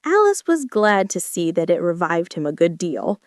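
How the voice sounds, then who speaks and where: A woman reading a children's book aloud as a gentle bedtime story, voicing the characters. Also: big pitch swings, moderate pace, no room sound, studio quality. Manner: gentle, acts out voices with wide pitch swings. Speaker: narrator.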